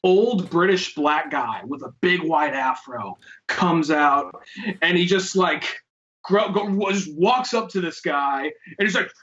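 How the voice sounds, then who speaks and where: A man's voice: sits high, expressive, unhurried, pushed and bright, lo-fi sound, slight background noise. A man hosting a podcast, telling rambling stories in casual chat and swearing freely. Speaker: podcast host.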